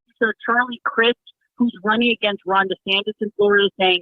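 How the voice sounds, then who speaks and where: A woman's voice: mid-range voice, fairly even intonation, fairly quick, no echo. A woman calling in as a guest on political talk radio, earnest and opinionated, often restarting her sentences. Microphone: telephone. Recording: tinny phone line.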